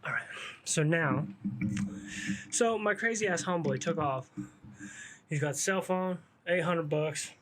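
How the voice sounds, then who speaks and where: A man spins a yarn from his past in a loose, slangy, laid-back way, cursing as he goes. His voice sits a little higher than most men's. He talks like he's kicking it with friends. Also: a bit bright, a little hiss or hum. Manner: slangy, laid-back street talk with frequent swearing. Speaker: vlogger telling his own story. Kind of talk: casual storytelling to camera.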